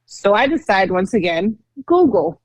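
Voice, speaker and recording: A woman's voice: mid-range voice, sing-song, measured pace, dry recording. A woman co-hosting a podcast, telling her own story in a candid, chatty way. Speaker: podcast co-host.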